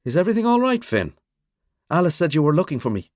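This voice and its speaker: Guy voicing a brisk evasive friend on the phone, polite, a bit higher than his own voice. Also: sing-song, a little mellow, no room sound, clean studio sound. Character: hurried, evasive male acquaintance on the phone.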